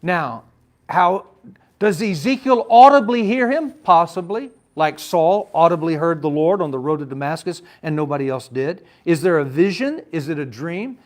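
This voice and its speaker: A man teaching a Bible study, talking with his listeners, asking them questions and calling on them by name, his voice swinging between loud and soft. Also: a little high, animated, moderate pace. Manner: conversational, addresses listeners by name, asks questions.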